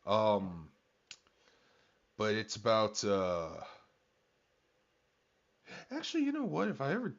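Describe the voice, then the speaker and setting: Male podcast co-host, low voice with animated swings, loose profane rambler, lo-fi sound. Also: slow, long pauses. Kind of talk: casual chat. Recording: dull lo-fi sound.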